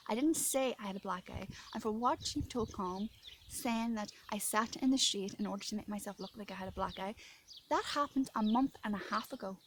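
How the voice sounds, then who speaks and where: Birdsong fills the background as a shaken woman from Ireland vents her indignation to camera outdoors in rural France, wandering off topic and at times whispering. Her pitch is medium, and a slight background noise can be heard.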